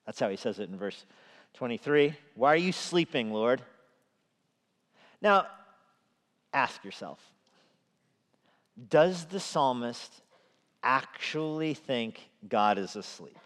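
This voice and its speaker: Pastor, male, mid-range voice, animated sermon delivery, recorded in a reverberant sanctuary. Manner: animated, rising in pitch and volume when quoting scripture. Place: church sanctuary. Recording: echoey church hall reverb.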